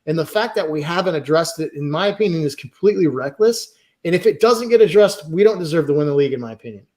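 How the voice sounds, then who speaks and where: A man's voice: a little high, expressive, quick pace, darkish tone. A man co-hosting a casual podcast, ranting heatedly and swearing. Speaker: podcast co-host.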